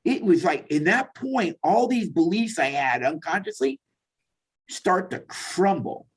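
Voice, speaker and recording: A therapist on a show as a guest, this man's voice is high-pitched and very animated, breathy at the edges, with a moderate pace. Tearful now and then, he tells his heartfelt testimony conversationally while acting out what people said.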